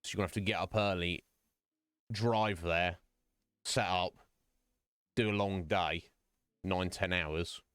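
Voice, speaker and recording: Man, streamer host, rambling casual chat, joking, fairly low voice, dry close sound. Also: fairly even intonation, a little slow, pauses often, fairly bright tone, clean tone, no echo.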